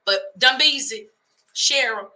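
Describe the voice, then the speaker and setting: Lady radio host going off on a comic rant, super bright sharp voice, preachy rhythm. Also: fairly high pitch, slow pace. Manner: animated, comic ranting with preacher-like cadences. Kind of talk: comedic talk radio rant.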